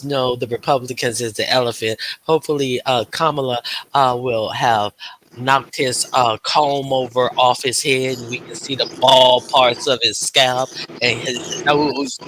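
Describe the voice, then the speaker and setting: A man's voice: medium pitch, fairly even intonation, a little slow, a bit bright, a little hiss or hum. A man hosting a casual livestream, greeting viewers by name and chatting with lots of fillers. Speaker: livestream host.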